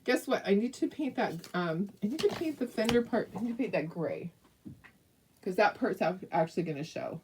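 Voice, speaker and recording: A woman's voice: mid-range voice, lively intonation, moderate pace, recorded from a distance, noisy background. Chatty woman hosting a craft demo. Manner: chatty, rambling, laughs often, many fillers. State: hiccups. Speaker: craft tutorial host. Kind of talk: casual live craft demo.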